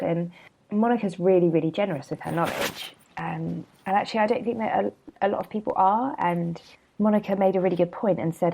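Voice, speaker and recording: Low, gravelly woman chatting candidly. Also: fairly quick, warm tone, low-quality recording. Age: 30s. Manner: chatty and candid, laughs often, digresses. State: a bit hungover, yawning. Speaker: podcast host and blogger. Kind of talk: casual solo podcast monologue.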